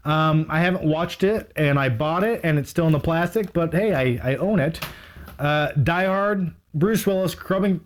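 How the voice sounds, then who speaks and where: A man's voice: on the high side, lively intonation, moderate pace. A talkative man with a voice sitting a little above the usual male range, chatting about his shelf in an off-the-cuff, rambling way. He sounds eager and mocks his own slip-ups as he goes. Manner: rambling, enthusiastic, self-mocking. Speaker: movie collector showing his shelf. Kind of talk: casual unscripted video.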